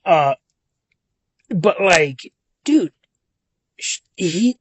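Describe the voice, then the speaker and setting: At night in a car on a country road, a young man leaves a long, rambling, profane voice message on his phone, dazed and worn out as he drifts between thoughts. His high voice is very animated yet extremely slow, with no echo.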